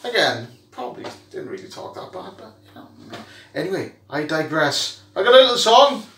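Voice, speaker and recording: Rowdy, sweary Welsh man, high and lively. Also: moderate pace. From Wales. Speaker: vlogger. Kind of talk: excitable rugby fan monologue. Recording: echoey room, mic at a distance.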